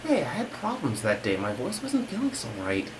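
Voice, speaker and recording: A woman's voice: low-pitched, wildly swooping pitch, a little fast, noisy background, pitched below the performer's own voice. Woman voicing a whiny, touchy deer creature. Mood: defensive. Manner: defensive, whiny.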